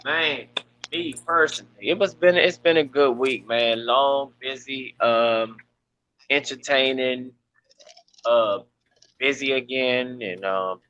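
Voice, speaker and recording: A man's voice: mid-range voice, slow pace, sharp tone, muffled recording. A man co-hosting a live podcast, talking in an easygoing way. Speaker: podcast co-host. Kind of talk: casual live podcast chat.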